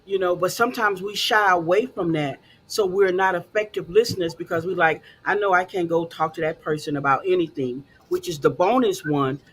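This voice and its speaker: A woman's voice: fairly low pitch, brisk, hardly any pauses, slight background noise. A woman hosting a casual talk show, encouraging and conversational, with frequent fillers.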